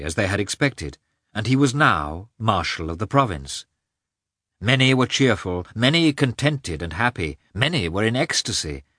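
A man reading a classic novel aloud as a narrator, in a measured, expressive way. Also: on the low side, no echo, studio quality. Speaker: audiobook narrator.

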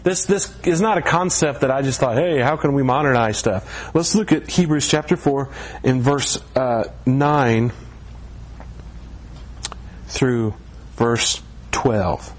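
A man's voice: mid-range voice, slow pace, pauses often. A middle-aged man preaching a sermon in a church, talking in a conversational way and lifting his voice for emphasis. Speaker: pastor. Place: church sanctuary.

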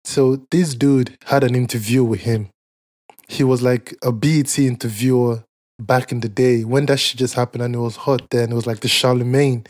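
A man's voice: mid-range voice, fairly even intonation, moderate pace, a little mellow. Guy on a podcast rambling and cussing, chill casual chat, lots of ums. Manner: profane, rambling storytelling with frequent fillers and laughs. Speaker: podcast co-host.

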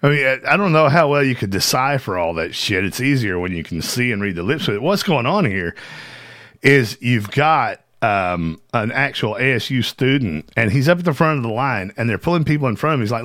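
A man's voice: mid-range voice, big pitch swings, brisk, a bit bright, dry recording, clean studio sound. A man hosting a show, giving heated, profane commentary in a casual way. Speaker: show host.

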